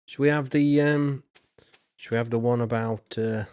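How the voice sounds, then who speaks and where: A man's voice: medium pitch, steady tone, moderate pace, darkish tone, clean tone, no echo. A young adult man hosting a live stream, chatting casually and chuckling as he thinks aloud while picking viewer messages. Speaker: streamer reading out viewer donations.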